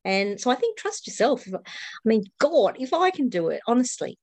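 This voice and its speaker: A woman's voice: a little high, sing-song, moderate pace, darkish tone, no echo. A woman in her fifties, an author talking earnestly as a guest, often laughing and repeating her words. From Australia. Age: 50s. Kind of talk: casual interview talk.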